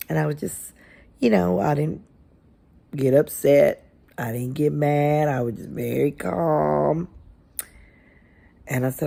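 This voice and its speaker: Low-voiced woman telling a classroom story. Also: slow, vocal fry, long pauses. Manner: animated storytelling, acting out dialogue with a child. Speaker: substitute teacher. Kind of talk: casual storytelling vlog.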